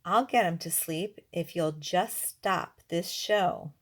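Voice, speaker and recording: A woman's voice: fairly low pitch, slow, voice pushed down. A woman voicing a humble but knowing old woman in a storybook read-aloud, polite and self-assured. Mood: confident.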